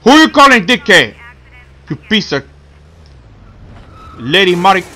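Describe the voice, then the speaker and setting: Brash gangster boss, lively and bright-voiced, a man putting it on while commenting on his game, barking threats. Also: high-pitched, unhurried, exaggerated voice. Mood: yelling. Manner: brash, shouting threats at the screen. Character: cocky male Cuban gangster boss, hot-tempered. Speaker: gameplay commentator.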